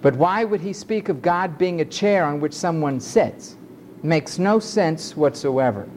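A male preacher delivering an emphatic sermon in a measured cadence, stretching his phrases out. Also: a little high, animated, darkish tone, slight background noise.

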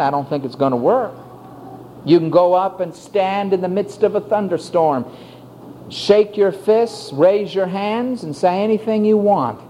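Male preacher, deliberate and animated, sermon in a church hall. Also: high voice, slight background noise. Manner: emphatic, swings between soft and loud. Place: church building.

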